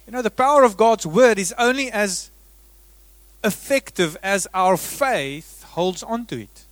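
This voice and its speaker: A man preaching a sermon as a pastor. He swings between loud, emphatic bursts and hushed, drawn-out words. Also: sits high, expressive, dry recording.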